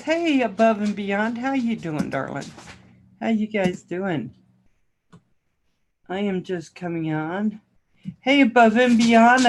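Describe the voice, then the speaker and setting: A woman's voice: medium pitch, slight background noise. A woman hosting a casual livestream, greeting viewers by name and laughing often as she chats. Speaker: livestream host.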